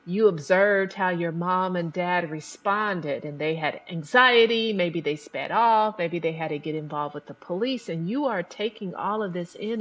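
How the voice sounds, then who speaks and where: A woman psychotherapist hosting a podcast, explaining trauma in an animated way and briefly acting out the people in her examples. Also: mid-range voice, low-quality recording. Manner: animated, acts out voices in examples. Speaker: psychotherapist host.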